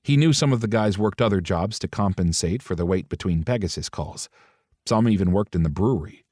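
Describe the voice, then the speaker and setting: Guy reading a romance audiobook, lowish voice, dry close sound, does the character voices. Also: animated, brisk, dark tone, dry recording. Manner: puts on voices for each character in dialogue. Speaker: audiobook narrator. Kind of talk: audiobook narration.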